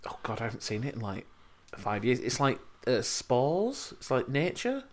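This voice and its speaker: A man's voice: medium pitch, huge pitch swings, normal speed. A man co-hosting a casual film podcast, thinking aloud as he searches for words. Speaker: podcast co-host.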